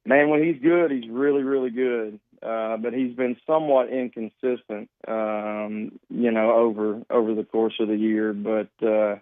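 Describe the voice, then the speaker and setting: A man's voice: fairly low pitch, fairly even intonation, unhurried, few pauses, no room sound. A man calling in as a guest for a casual interview, talking in a rambling way with many restarts and small chuckles. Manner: rambling, self-correcting, chuckling. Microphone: phone. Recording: tinny phone line.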